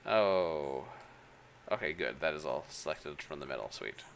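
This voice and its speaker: A woman's voice: extremely low pitch, expressive, measured pace, vocal fry, slight background noise. A woman streamer chatting casually while she works, thinking aloud and judging her own work. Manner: thinks aloud, self-critical. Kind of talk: casual live-stream chat.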